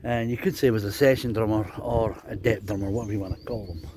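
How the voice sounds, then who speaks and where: Speaking quickly in a steady, fairly low voice, a Dundee man in his fifties rambles casually through tales of his time as a drummer. He's Scottish, drops in "you know" a lot, and there's background noise on the recording.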